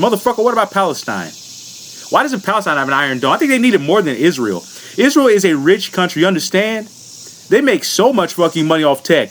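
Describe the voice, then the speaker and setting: A man's voice: high voice, sing-song, brisk, a bit bright, a little hiss or hum. A man from the United States delivering a furious, profane political rant into the camera as a vlogger, blunt and unfiltered. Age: adult.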